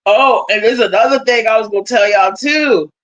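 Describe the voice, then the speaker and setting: A woman's voice: fairly high pitch, moderate pace, highs cut off. A young woman hosting a casual livestream chat. She talks bluntly, swears freely and laughs often. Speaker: livestream host.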